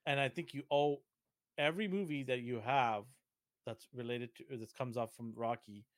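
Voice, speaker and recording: A man co-hosting a podcast in casual chat, opinionated and quick to argue his point. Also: medium pitch, no room sound, clean studio sound. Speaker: podcast co-host.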